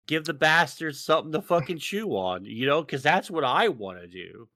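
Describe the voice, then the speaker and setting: A man's voice: a little high, big pitch swings, normal speed, few pauses, pushed and bright, dry recording, clean studio sound. A man from Texas co-hosting a casual podcast, profane and rambling, with lots of fillers and restarts. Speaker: podcast co-host.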